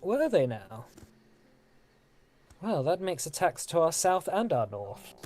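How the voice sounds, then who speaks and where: A man's voice: a little high, very animated, slow, a little mellow, voice pushed up. A man voicing a gracious, middle-aged male elf lord who speaks in a formal, welcoming way. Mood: courteous. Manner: formal, welcoming, stately phrasing.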